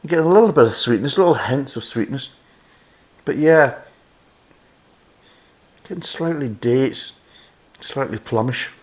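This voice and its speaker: A man's voice: medium pitch, lively intonation, unhurried, long pauses. A Scottish man reviewing a beer in casual chat, sarcastic and blunt, reading the label aloud and mocking it. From Scotland.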